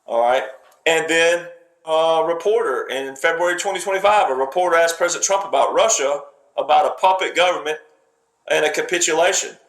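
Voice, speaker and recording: A man's voice: on the high side, fairly quick, fairly bright tone. Emphatic man lecturing in an echoey room. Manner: emphatic, repetitive, speaks in fragments. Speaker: commentator. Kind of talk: lecturing political commentary. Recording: roomy echo.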